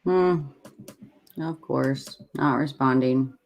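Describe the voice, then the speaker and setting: An easygoing host talking on a home livestream in a mid-range voice. They speak in a halting, think-out-loud way. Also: medium pitch, vocal fry. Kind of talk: casual livestream chat. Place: home with many devices running.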